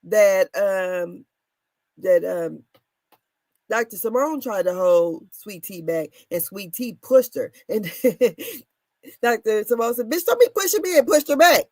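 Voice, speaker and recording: A woman in her thirties casually recapping reality TV drama, animated and laughing, her voice swinging between loud and soft. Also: mid-range voice, slow, no room sound. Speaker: commentary show host.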